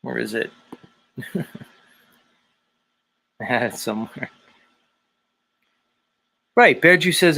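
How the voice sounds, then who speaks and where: A man's voice: mid-range voice, animated, slow, vocal fry, long pauses, sharp tone. A man hosting a live stream show, talking casually in a rambling, profane way and chuckling often.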